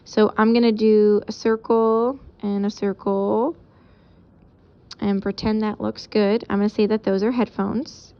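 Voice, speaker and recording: A woman teacher giving a casual recorded lesson, explaining out loud while she sketches examples. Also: mid-range voice, flat delivery, measured pace, smooth, lo-fi sound.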